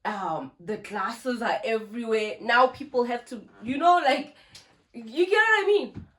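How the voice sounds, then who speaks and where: A woman's voice: fairly high pitch, lively intonation, unhurried, fairly bright tone. A young South African woman with a South African accent, animatedly telling a casual storytime to her phone camera and dropping in Zulu words. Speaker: YouTuber. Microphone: phone camera with ring light.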